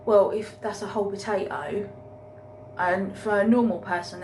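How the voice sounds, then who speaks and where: Woman vlogger, gravelly fry, rambling and blunt, noisy kitchen behind her. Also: fairly low pitch. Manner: chatty, rambling, blunt with occasional swearing. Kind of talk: casual home vlog chat. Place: home kitchen.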